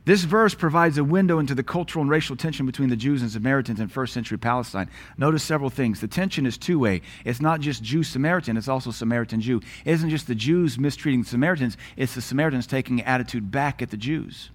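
A man's voice: mid-range voice, fast talker, few pauses. An American male pastor delivering a sermon in a mid-range voice. He talks bluntly and with open scorn, moving between personal anecdotes and scripture.

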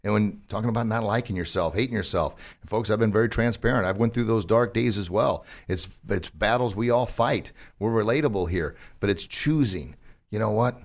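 A man's voice: fairly low pitch, a little fast. A man hosting a motivational podcast, talking casually and upbeat, often turning to the listeners as folks. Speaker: podcast host.

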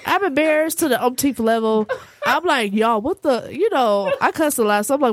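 A woman tells a story in a loose group chat, her pitch bouncing a lot as she acts out other people's shouts. She laughs through the telling. Faint noise and small clicks sit under her voice. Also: expressive, moderate pace.

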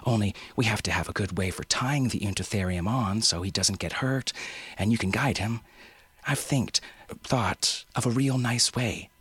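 A man's voice: lowish voice, moderate pace, a bit bright, breathy edge, dry recording, voice pushed up. A man voicing an earnest young alien girl who stumbles over her words. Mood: eager. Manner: childlike, slips on words.

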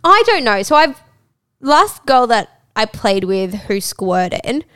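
A woman's voice: fairly high pitch, sing-song, slow, a bit bright, clean tone, dry recording, studio quality. An Australian woman co-hosting a podcast in casual chat, frank and giggly, acting out what people said. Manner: frank, giggly, acts out quoted lines. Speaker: podcast co-host.

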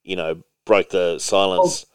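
A man's voice: deep voice, big pitch swings, unhurried, smooth, dry recording. A man co-hosting a casual podcast chat, rambling with lots of fillers and restarts and swearing freely. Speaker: podcast co-host.

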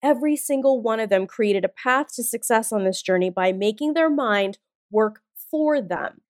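A woman's voice: on the high side, expressive, normal speed, no room sound. A woman in her forties hosting a motivational podcast, talking in an emphatic, blunt and punchy way with plenty of swearing. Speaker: podcast host. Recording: dry studio sound with faint music.

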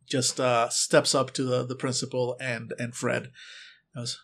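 A man's voice: mid-range voice, flat delivery, measured pace, fairly bright tone. A man running a tabletop game as game master, narrating in a rambling way with many ums and restarts.

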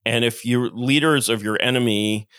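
A middle-aged man, a podcast guest, explains his ideas at length in an animated, lecturing way and acts out quotes as he goes. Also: medium pitch, moderate pace, clean tone, dry recording, clean studio sound. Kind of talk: long-form interview monologue.

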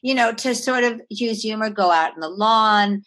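A woman author, a guest on an interview, who explains her ideas earnestly, with wide swings in pitch and loudness. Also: moderate pace. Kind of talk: conversational interview.

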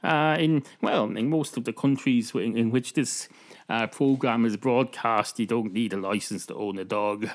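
An Irish man hosting a podcast, telling a rambling comic story full of swearing and deadpan asides. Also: medium pitch, moderate pace. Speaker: podcast host.

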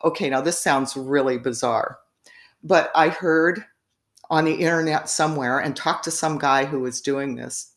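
A woman's voice: deep voice, unhurried. A woman telling a story casually as a guest, rambling with frequent fillers and laughs. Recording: echoey room.

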